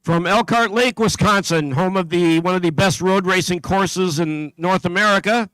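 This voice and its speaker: High-voiced man announcing teams. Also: moderate pace, a bit bright, clean tone, dry recording, poor audio. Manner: reads a list steadily, with small slips and asides. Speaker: event announcer. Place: event venue.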